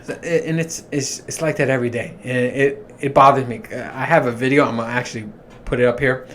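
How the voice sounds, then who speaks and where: A man rambling through a casual solo monologue, swearing freely and laughing at his own jokes. His voice sits at a middling pitch. A faint hiss runs under the recording. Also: fairly even intonation, fairly quick, a bit bright. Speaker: podcast host.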